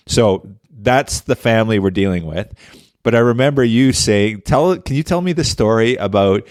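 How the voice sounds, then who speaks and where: A man hosting a podcast, asking relaxed questions full of fillers. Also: lowish voice, normal speed, no room sound, studio quality. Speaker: podcast host. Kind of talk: casual interview.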